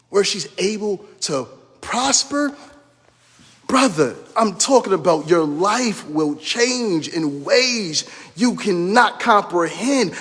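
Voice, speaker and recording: A man's voice: sits high, a bit bright, breathy edge, in a large hall. A middle-aged man giving an impassioned motivational talk, preaching and repeating his phrases as he calls listeners brother. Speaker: life coach and minister.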